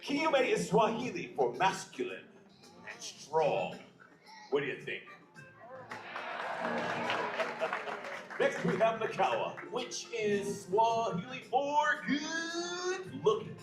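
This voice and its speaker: A man hosting a live theme park pre-show, theatrical and upbeat as he warms up the crowd. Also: very high voice, very animated, slow pace, roomy sound, over music. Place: outdoor theme park stage.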